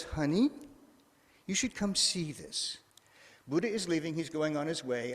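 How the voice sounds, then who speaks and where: A man giving a sermon in a church, telling a story in a casual, conversational way with frequent restarts. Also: mid-range voice. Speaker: preacher. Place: church sanctuary. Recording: long echo of a church hall.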